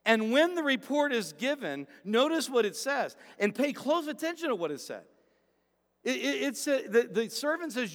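High-voiced pastor guy preaching, lots of swing in his pitch, goes loud then quiet, long echo like a big hall. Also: big pitch swings, normal speed. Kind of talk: sermon.

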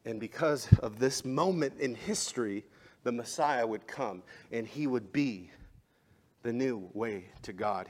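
A male pastor preaching a sermon, moving between quiet, measured passages and rising, impassioned climaxes. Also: mid-range voice.

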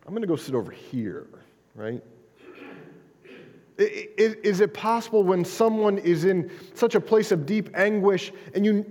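A fairly high-voiced man preaches to his congregation, talking it through casually, restarting his words and tossing in "right?" as he goes. His voice rings out with a long hall reverb, as if from a church sanctuary. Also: darkish tone. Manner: conversational preaching with frequent restarts and "right?" asides. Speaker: pastor. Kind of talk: sermon.

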